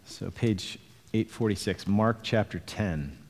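A man's voice: fairly low pitch, takes it slowly, darkish tone, in a large hall. A male pastor preaching an earnest expository sermon, explaining scripture verse by verse to his congregation.

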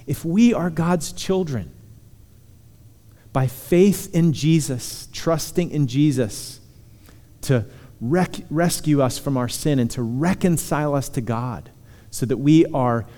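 A man's voice: mid-range voice, dark tone. A man preaching a sermon, earnestly reassuring his listeners and reading scripture aloud. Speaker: pastor. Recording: hall reverb.

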